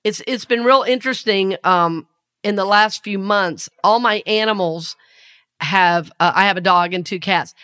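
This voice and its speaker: A woman's voice: medium pitch, fairly bright tone. A woman with a Southern US accent hosting a spiritual podcast, talking earnestly and laughing often. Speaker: podcast host and spiritual teacher.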